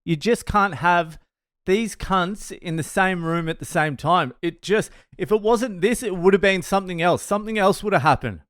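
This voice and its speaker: A man's voice: sits high, moderate pace, no echo, studio quality. A man hosting a podcast, telling a long story with swearing and bursts of laughter. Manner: profane, animated retelling, laughs at himself. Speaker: podcast host. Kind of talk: storytelling monologue.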